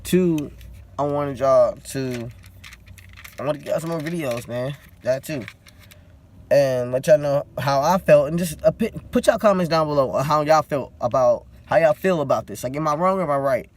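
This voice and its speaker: A man's voice: fairly high pitch, moderate pace. Blunt, tired man venting on camera. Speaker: vlogger. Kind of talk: casual unscripted vlog rant.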